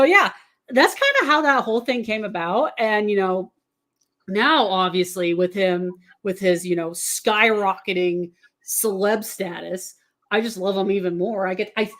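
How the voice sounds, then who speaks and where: Excitable chatty woman, lively voice. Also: medium pitch. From Kansas City area. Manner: rambling, laughs often, excitable. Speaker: podcast guest. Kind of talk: casual chat about football.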